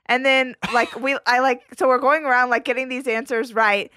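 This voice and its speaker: A woman's voice: high-pitched, fairly even intonation, moderate pace, sharp tone, clean tone, dry recording, clean studio sound. A young woman chatting on a podcast, rambling through a story with many fillers of "like" and acting out the quotes. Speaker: podcast guest. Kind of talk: casual chat, storytelling.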